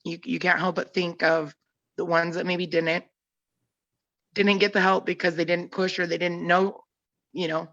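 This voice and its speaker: A woman's voice: fairly low pitch, little pitch movement, normal speed, long pauses, a bit bright, highs cut off. A woman recounting a family emergency in a news interview, emotional and insistent.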